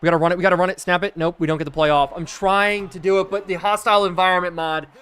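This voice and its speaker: A young man with a slightly high voice calls the action of a football video game live. He is excitable and chatty and breaks off mid-play to answer his viewers. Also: rapid-fire, clear, resonant tone. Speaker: gaming streamer. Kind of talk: live gameplay commentary with chat.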